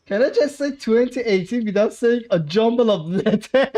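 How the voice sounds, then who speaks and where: A man's voice: extremely high pitch, animated, moderate pace, mellow. Playful Persian-accented man streaming games. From Iran. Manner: laughs often, playful banter with chat. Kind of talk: casual game livestream chat.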